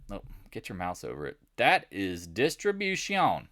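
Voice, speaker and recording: A man's voice: fairly low pitch, huge pitch swings, normal speed, hardly any pauses, a bit bright, dry recording. A man giving a casual, jokey trading recap over charts, talking straight to his viewers and answering questions he imagines them asking. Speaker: market analyst host.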